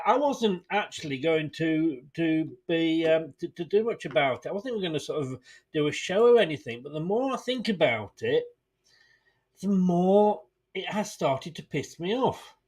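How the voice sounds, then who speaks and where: Brief: male fan-channel host from England, high-pitched, frustrated, sweary live-stream rant. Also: darkish tone. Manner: frustrated, swearing, greets viewers.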